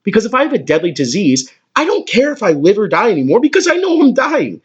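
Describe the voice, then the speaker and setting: Comedy podcast host: young man, husky, crude and excitable, pitch leaping around, dull lo-fi recording. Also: quick pace.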